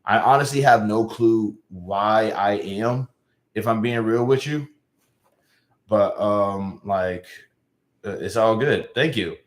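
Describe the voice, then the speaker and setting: A young man chatting casually on a livestream, rambling and halting, often trailing off with sighs. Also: fairly low pitch. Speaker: live streamer.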